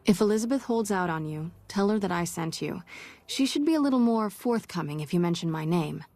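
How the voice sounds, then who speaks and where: A calm, measured doctor in a video game, speaking in a dry, close voice with no room sound. She sounds kind and helpful. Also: fairly low pitch, dry recording.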